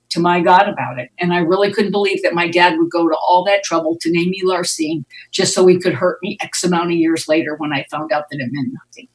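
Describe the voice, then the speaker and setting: This is a recovery meeting share: a middle-aged US woman with a fairly low voice speaks at Al-Anon, frank and wry and timing her story well. She acts out the voices of people she quotes. The recording is online conference audio from a distant mic.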